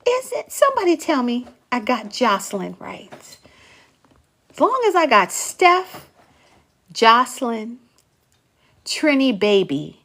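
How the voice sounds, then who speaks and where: A young adult woman hosting a live class, chatting playfully and teasing viewers in a casual, animated way. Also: a little high, measured pace, long pauses. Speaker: class host.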